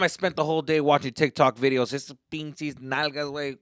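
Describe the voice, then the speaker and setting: A man's voice: fairly high pitch, steady tone, brisk, hardly any pauses, no room sound. A man hosting his own podcast in a rambling, profane solo monologue, slipping into Spanish phrases now and then. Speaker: podcast host.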